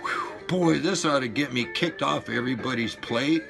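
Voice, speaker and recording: A man in his sixties ranting and swearing at his viewers, loud one moment and muttering low the next. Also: moderate pace, creaky. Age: 60s. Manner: fired-up, profane, swings between shouting and low mutters. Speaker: vlogger. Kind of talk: profane rant to camera. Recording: music playing behind the voice.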